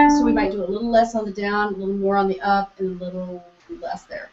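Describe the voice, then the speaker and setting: Loud violin music runs under this woman's mid-range voice, which has little pitch movement as she talks fast with few pauses. Patient and encouraging, she sings bowing syllables while guiding a young student through an online lesson. The call sounds roomy, dull and lo-fi.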